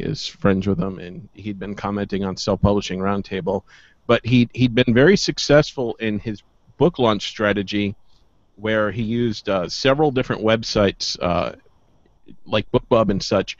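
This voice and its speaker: A man's voice: fairly low pitch, no room sound, dull audio. A man co-hosting a podcast, chatting casually with frequent fillers and restarts. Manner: halting, many fillers and restarts. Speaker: podcast co-host.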